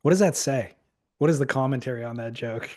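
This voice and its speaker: A man's voice: mid-range voice, a little fast, darkish tone. A man co-hosting a podcast, telling a story in casual chat with fillers. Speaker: podcast co-host.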